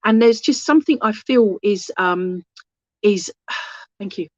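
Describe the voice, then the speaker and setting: A woman's voice: mid-range voice, expressive, slow pace, a little mellow, no room sound, muffled recording. A woman working as a medium in an online service, chatty and rambling, often losing her thread and restarting, with affectionate asides to her listeners. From England. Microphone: phone held in hand.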